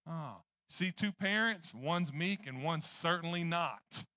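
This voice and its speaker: A man's voice: fairly high pitch, takes it slowly, bright, forceful tone, no echo. A man preaching a sermon in church, rambling and joking at his own expense. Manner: rambling, joking, self-deprecating.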